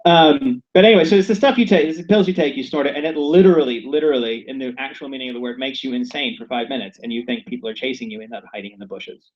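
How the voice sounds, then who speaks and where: A man from Saint Louis co-hosting a comedy podcast, rambling and joking in an animated way, recorded inside a yurt. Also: quick pace, hardly any pauses. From Saint Louis, USA. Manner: animated, rambling, acts out quotes in high voices. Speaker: podcast co-host. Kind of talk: casual comedic chat. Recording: lo-fi, dull recording.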